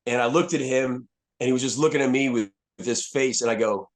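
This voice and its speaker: A man's voice: medium pitch, a little fast. Blunt man in his fifties. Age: 50s. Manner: blunt, profane, frequent restarts and fillers. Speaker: podcast guest, retired soldier. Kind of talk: candid conversational storytelling.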